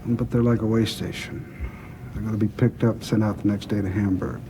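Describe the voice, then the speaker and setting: An actor playing an older crime boss with a gruff, gravelly, blunt and profane way of talking, in a film scene. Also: male voice, on the low side, fairly even intonation, brisk, background noise, natural voice. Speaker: crime boss planning a heist. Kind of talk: film dialogue.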